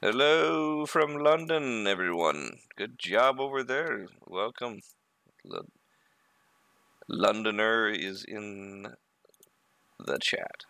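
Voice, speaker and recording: A man with a low, gravelly voice talks his way through work on a 3D model in a relaxed, unhurried livestream. His tone is bright and edged, and his pitch swings widely as he mutters to himself and drops in wisecracks. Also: no echo. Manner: mutters to himself with joking asides. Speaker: livestream host. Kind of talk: casual running commentary while working on a 3D model.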